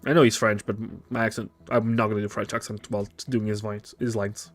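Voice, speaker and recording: A man's voice: lowish voice, little pitch movement, a little fast, faint music behind. A man streaming a video game, making wry, profane asides between the lines he reads aloud. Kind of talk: casual commentary while reading game dialogue.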